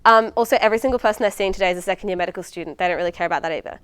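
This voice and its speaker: A woman's voice: fairly low pitch, racing, a bit bright, smooth, dry recording. A young woman in her twenties, a medical student giving a casual exam-prep lecture, chatty and full of ums and likes. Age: 20s.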